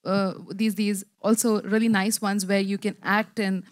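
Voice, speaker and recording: A woman answers in a friendly, casual way at a middle pitch, filling her pauses with ums. The recording is dry, with no room echo. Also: little pitch movement. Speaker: participant.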